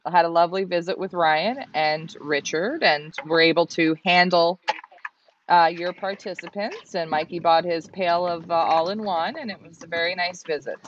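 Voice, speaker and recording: A woman's voice: fairly low pitch, moderate pace, dull audio, slight background noise. A woman from Canada hosting a livestream, chatting and reading out viewer comments. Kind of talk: casual livestream chat.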